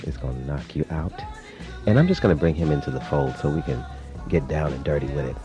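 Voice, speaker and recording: A man hosting a radio-style interview show, with playful, smooth showman patter. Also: rumbling low, animated, quick pace, music in the background. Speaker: host and DJ. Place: Los Angeles studio.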